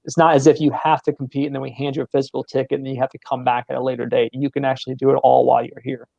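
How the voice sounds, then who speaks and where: A man with a Southern American accent talks through his sports venue as an interview guest, in a steady, level voice with a gravelly edge. He pauses on fillers and repeats words as he explains. The sound is dry and a little dull. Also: medium pitch, no room sound. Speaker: sports center manager, guest.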